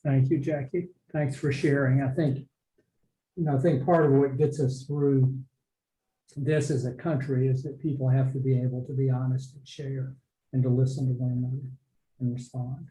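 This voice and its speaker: A man moderating a church discussion, thanking speakers and speaking in a measured, thoughtful way. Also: mid-range voice, little pitch movement, mellow, reverberant, low-quality recording.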